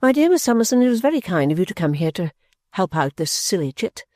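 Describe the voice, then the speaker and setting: A self-absorbed, middle-aged mother, played by a woman, who brushes off her child in a calm, clear, lowered voice. Her manner is smooth and condescending, and the tone is mellow. The sound is dry and close. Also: fast, no echo. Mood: serene, dismissive. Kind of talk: audiobook character voice.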